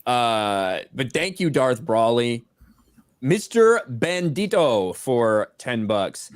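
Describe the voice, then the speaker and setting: A man's voice: medium pitch, very animated, slow pace, no echo, clean studio sound. A man hosting a casual livestream, reading viewers' donated messages aloud and swearing casually. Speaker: host reading super chats.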